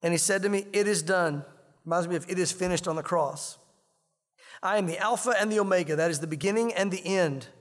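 A man's voice: high-pitched, brisk, long reverb tail. A man preaching a sermon as pastor, in an earnest, conversational way, repeating himself as he reads and explains scripture.

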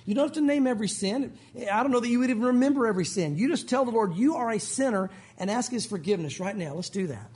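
High-voiced guy pastor preaching fast, really urgent and emphatic. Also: lively intonation, a little mellow. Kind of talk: sermon. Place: church service.

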